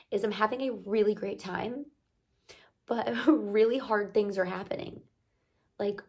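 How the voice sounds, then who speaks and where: A young woman vlogger with a hoarse voice from crying, chatting to her viewers with casual motivational encouragement and rambling asides. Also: medium pitch. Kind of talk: casual motivational talk to camera.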